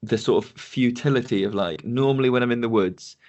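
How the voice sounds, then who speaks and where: A man's voice: medium pitch, a little mellow, lo-fi sound. Reflective man podcaster. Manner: reflective, halting. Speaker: podcast co-host. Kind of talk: casual chat.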